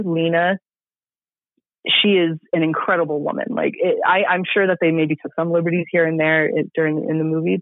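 A man's voice: on the high side, no echo. A man reviewing a film in casual podcast chat, enthusiastic and rambling with many fillers. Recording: tinny phone-like line.

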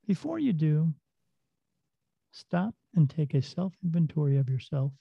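A man's voice: a little high, creaky, slightly rough, no room sound, muffled recording. A man talking casually and earnestly, telling a story from his work and giving plain-spoken advice with the odd swear word.

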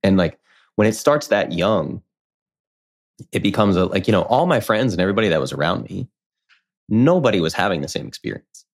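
Very low-voiced man telling a candid story. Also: lively intonation, a little fast, long pauses. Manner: candid, rambling, heavy use of "like", acts out quoted voices. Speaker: podcast guest. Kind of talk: casual personal storytelling.

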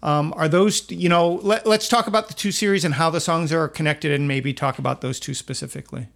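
A man's voice: a little high, fairly quick, creaky, fairly bright tone. A male interviewer in a casual chat, asking long, chatty questions and inviting listener feedback. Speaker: interviewer host.

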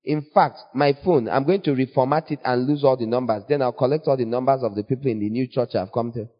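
A man preaching a sermon in a playful, teasing way, with sudden jumps in pitch. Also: quick pace. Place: church. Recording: long church reverb, dull lo-fi sound.

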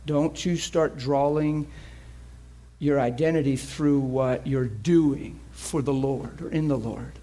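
A man preaching a sermon, telling a story with animated energy that swings from hushed to shouting. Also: mid-range voice, husky. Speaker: pastor.

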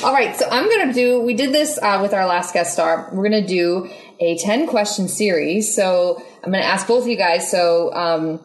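A woman's voice: mid-range voice, moderate pace. A woman hosts a casual podcast, running a trivia game with a playful, teasing manner and frequent laughter. Her voice sits in a middle range and carries a roomy echo. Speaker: podcast host.

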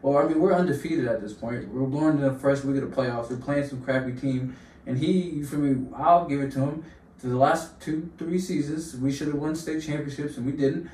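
A man's voice: fairly high pitch, brisk, mellow. A young man in casual podcast chat, telling long fired-up stories full of slang. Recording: roomy room, distant mic, faint hum.

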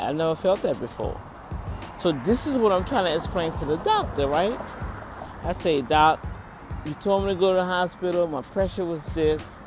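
A woman casually telling viewers a personal story, animated, talking straight to the camera outdoors. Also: deep voice. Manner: animated, acts out the people in her story, talks to the camera.

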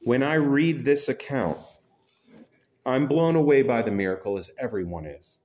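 Delivering a sermon to his congregation at a moderate pace, a medium-pitched pastor speaks in an easygoing, conversational style and pokes fun at himself.

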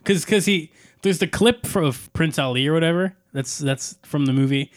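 A man's voice: a little high, normal speed. A man co-hosting a casual podcast chat, steering it with questions to the others. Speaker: podcast co-host.

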